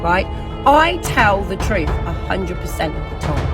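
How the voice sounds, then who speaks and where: A woman's voice: on the low side, big pitch swings, unhurried. A woman talking into her own video, insistent and repeating her claims. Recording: loud music over the voice. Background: loud music.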